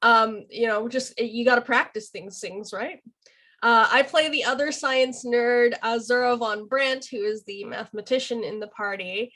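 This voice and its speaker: A woman player introduces herself in a chatty, casual way, her voice a little sick. She sits somewhat high in pitch. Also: moderate pace, bright, forceful tone. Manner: chatty, laughing asides.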